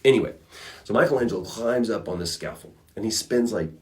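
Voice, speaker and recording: Deep-voiced man telling stories on a livestream. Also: a little fast. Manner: animated storyteller acting out characters; reflective, advice-giving. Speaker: livestream host answering fan questions. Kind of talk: casual livestream chat and storytelling.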